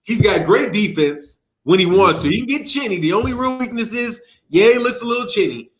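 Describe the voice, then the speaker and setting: A man's voice: high-pitched, animated, fairly quick, a bit bright. A man hosting a casual boxing talk show, loose and joking as he ranks fighters. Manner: joking, teasing, loose banter.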